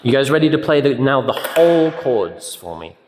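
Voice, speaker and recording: A man teaching a group music lesson, now and then singing notes and syllables in a high voice. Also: sing-song, normal speed, a little mellow, reverberant, long reverb tail, slight background noise. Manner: sings note names and syllables in a high voice.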